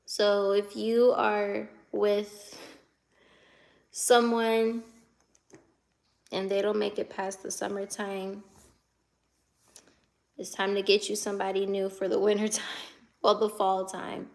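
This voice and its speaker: A woman's voice: medium pitch, flat delivery, slow pace, creaky, pauses often. A woman in her twenties from the United States, chatting casually on a live stream and answering viewer comments as she reads them, laughing often. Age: 20s.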